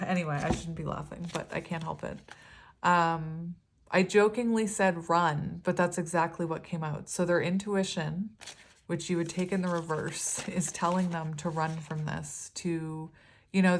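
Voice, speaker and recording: A woman's voice: on the low side, slight background noise. Giggly, chatty woman reading tarot. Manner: chatty, often breaks into giggles; loose and rambling, many ums and self-corrections. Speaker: tarot reader. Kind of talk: casual tarot reading to viewers.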